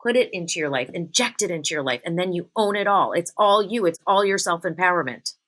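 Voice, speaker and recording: A woman with a low voice hosts a solo spiritual podcast. She talks straight to her listeners, earnest and encouraging. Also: expressive, a little fast, fairly bright tone. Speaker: podcast host, spiritual medium.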